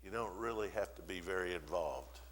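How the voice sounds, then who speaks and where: Guy preaching in a church, bright ringing voice, long echo off the hall. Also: low voice, fairly quick. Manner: animated storytelling, briefly acts out the voices in the story. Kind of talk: sermon. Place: church sanctuary.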